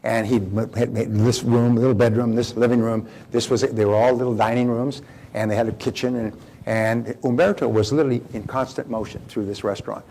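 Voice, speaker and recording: Older man, gravelly voice, motivational seminar lecture, conversational storytelling, repeats phrases. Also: medium pitch, steady tone, fairly quick, warm tone, a little hiss or hum. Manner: conversational, rambling anecdotes with repeated phrases and restarts. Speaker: motivational speaker.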